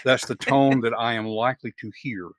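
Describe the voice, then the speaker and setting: A man's voice: mid-range voice, steady tone, brisk, a bit bright, dry recording, clean studio sound. Chatty Southern man hosting a podcast. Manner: folksy, chatty, with frequent restarts. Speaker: podcast host. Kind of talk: casual interview chat.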